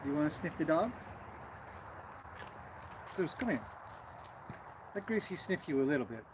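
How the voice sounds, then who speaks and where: A man's voice: on the high side, big pitch swings, unhurried, noisy background. A man hosting a casual livestream outdoors beside a horse, chatting loosely and talking to his animals between thoughts. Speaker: horse trainer livestream host.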